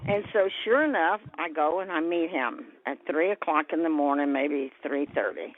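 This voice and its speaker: A woman's voice: deep voice, normal speed. An older woman being interviewed as a guest, telling a long story and acting out what people said. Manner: lively storyteller who acts out quoted voices. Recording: tinny phone-like sound.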